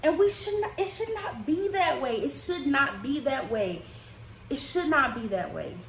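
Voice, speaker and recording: A woman's voice: sits high, very animated, normal speed, roomy sound, a little hiss or hum. A woman from the United States speaking in an impassioned personal vlog, emotional and casual, her voice rising and falling with feeling. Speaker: vlogger. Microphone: desk microphone.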